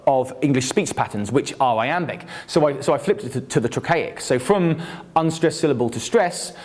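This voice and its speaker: A man giving an academic talk, halting and hesitant, with frequent restarts and fillers. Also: medium pitch, a little mellow. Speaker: university lecturer.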